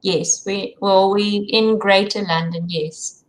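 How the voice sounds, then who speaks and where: A middle-aged woman from South Africa, a client on a video call, giving brief, soft answers. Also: medium pitch, fairly even intonation, slow pace, low-quality recording. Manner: brief, soft replies with small laughs.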